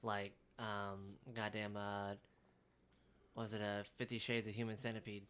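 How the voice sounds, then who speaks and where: A man's voice: lowish voice, little pitch movement, measured pace, a bit bright, clean tone. A man co-hosting a podcast in casual chat, rambling through stories and swearing freely. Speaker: podcast co-host.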